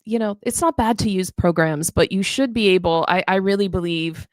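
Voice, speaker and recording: A woman's voice: mid-range voice, moderate pace, dry recording, clean studio sound. A woman author hosting a live-streamed astronomy lesson, explaining stars in a chatty way with fillers and restarts.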